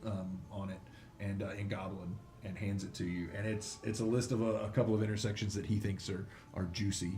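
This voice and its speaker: A man's voice: on the low side, little pitch movement, a little fast, warm tone, a little hiss or hum. A man running a tabletop game as game master, narrating loosely with many fillers. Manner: loose, laughing, lots of fillers. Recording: echoey room, faint ambience.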